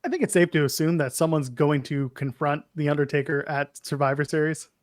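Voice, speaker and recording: A man's voice: a little high, steady tone, a little fast, dry recording, clean studio sound. A man co-hosting a casual wrestling podcast, opinionated and snarky as he runs through lists. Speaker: podcast co-host.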